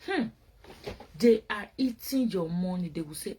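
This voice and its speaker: A woman's voice: fairly low pitch, expressive, moderate pace, dark tone, a little hiss or hum. A woman hosting a casual commentary show, talking bluntly and scolding in repeated phrases. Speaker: show host.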